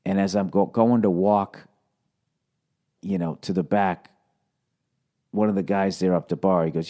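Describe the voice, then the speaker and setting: Low-voiced and moderately paced with long pauses, this podcast host is a man in his forties with a Boston accent. Alone on the mic, he rambles profanely and breaks into shouted impressions of movie gangsters.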